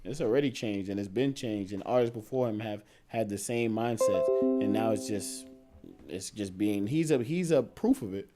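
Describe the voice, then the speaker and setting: A man co-hosting a casual podcast, making his points in a measured way with some restarts. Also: on the low side, warm tone, faint music behind. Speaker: podcast co-host. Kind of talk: casual debate chat.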